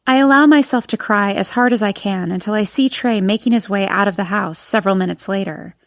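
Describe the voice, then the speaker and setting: A woman's voice: mid-range voice, fairly quick, no room sound, studio quality. Woman narrating a first-person audiobook.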